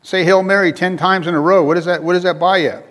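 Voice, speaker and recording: A man's voice: high voice, steady tone, fast, a bit bright. A male preacher giving a sermon in a conversational style, repeating phrases and joking with the congregation. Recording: long reverb of a hall.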